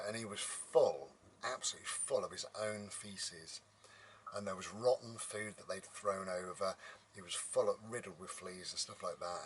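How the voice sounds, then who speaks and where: A man's voice: lowish voice, sharp tone, slight background noise. A man telling a story to camera in a rambling, casual way, with many ums, inside a motorhome. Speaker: vlogger.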